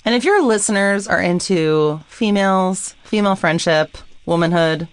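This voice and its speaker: A woman's voice: on the low side, normal speed, smooth, no echo. A woman guesting on a podcast, plugging her show with wry, dry humor. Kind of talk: casual chat.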